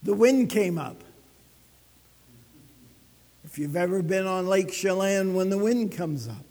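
A man preaching a sermon, telling a story with dramatic swings between loud and soft. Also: sits high, animated, a little slow, in a large hall. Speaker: pastor.

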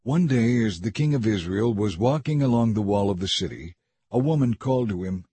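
A man reading a scripture story aloud in a measured, even narrating manner. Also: lowish voice, breathy edge, no echo. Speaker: audiobook reader.

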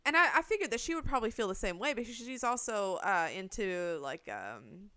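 Bright, smooth-voiced chatty woman. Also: mid-range voice, sing-song, fairly quick. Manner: chatty, talks it through with fillers and swearing. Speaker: podcast co-host. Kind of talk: casual chat.

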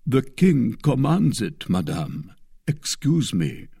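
A man's voice: medium pitch, sing-song, takes it slowly, creaky, mellow, husky, no room sound, clean studio sound, full character voice. A man reading aloud, voicing a stern, formally polite chancellor who is carrying out his orders. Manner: firm, formal, coldly polite.

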